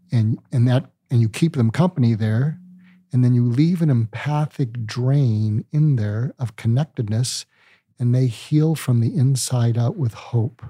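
Calm older man, dark husky voice. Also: medium pitch, no echo, clean studio sound. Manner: calm, deliberate, teaching with medical analogies. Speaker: psychiatrist guest. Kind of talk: explanatory interview talk.

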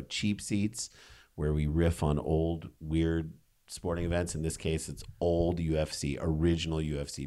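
A man, a comedian guest on a podcast, who tells wry stories and acts out the quotes in a casual way. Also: low-pitched. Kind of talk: casual interview chat.

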